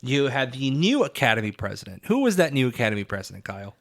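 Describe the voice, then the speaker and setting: A man's voice: mid-range voice, sing-song, fast, vocal fry. A man co-hosting a film-history podcast in a casual, thoughtful way, with fillers now and then. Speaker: podcast co-host.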